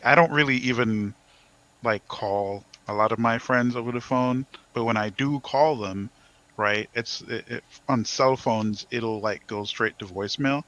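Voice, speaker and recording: A man's voice: mid-range voice, a bit bright. A laid-back man in a casual group chat who laughs easily. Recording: dull lo-fi audio.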